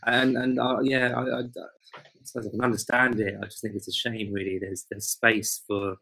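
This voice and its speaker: A man's voice: lowish voice, level tone, moderate pace, vocal fry, sharp tone, husky, rough recording. A man co-hosting a podcast who talks in a hesitant, thoughtful way, often repeating words as he works out what he means. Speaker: podcast co-host. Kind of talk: casual chat.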